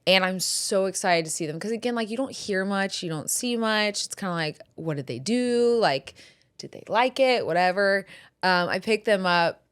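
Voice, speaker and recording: Lively, animated woman podcast host. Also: mid-range voice, moderate pace, clean tone. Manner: animated storyteller, laughs often. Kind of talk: casual chat.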